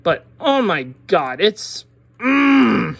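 Slow-talking exasperated Pittsburgh woman ranting. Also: very animated, gravelly. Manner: exasperated, profane, swings from low mutter to loud outburst. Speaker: diecast collector reviewer. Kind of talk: ranting product review.

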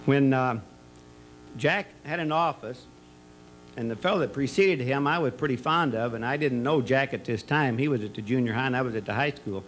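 Man, retirement party speaker, folksy anecdotes, rambling with restarts, middle-pitched voice, faint background noise. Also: poor audio. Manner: rambling storyteller who tells jokes with many restarts and fillers. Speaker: retirement party speaker, former school colleague. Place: party or banquet room.

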